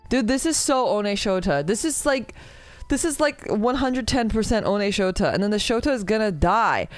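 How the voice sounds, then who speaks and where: A woman's voice: medium pitch, lively intonation, normal speed, faint music behind. A woman streamer chatting casually and playfully to her viewers and cooing baby talk to her cat.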